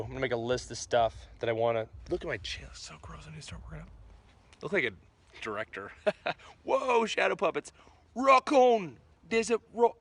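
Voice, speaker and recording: A man from Florida rambles through a casual vlog monologue in a bright, forceful voice. He mocks himself, chuckles between thoughts and drifts from one idea to the next. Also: mid-range voice. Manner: rambling, self-mocking, laughs between thoughts. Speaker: vlogger.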